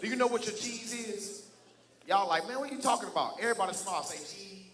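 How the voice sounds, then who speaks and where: A young man from Louisiana with a Southern accent, giving an energetic motivational speech to students and leading call-and-response. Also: high voice, fast, roomy sound. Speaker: fitness group founder and motivational speaker. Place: large hall at a youth summit.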